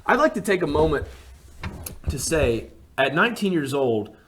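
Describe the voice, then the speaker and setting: Animated man telling a story. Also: on the high side, moderate pace, a little hiss or hum. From Alabama, USA. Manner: animated, acts out quotes with rising emphasis. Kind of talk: casual first-person storytelling.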